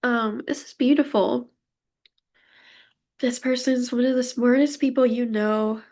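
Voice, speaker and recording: A woman's voice: on the high side, fairly even intonation, a little slow, mellow. A young woman giving a pick-a-card tarot reading, emotional and gushing as she talks straight to her viewers. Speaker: tarot reader.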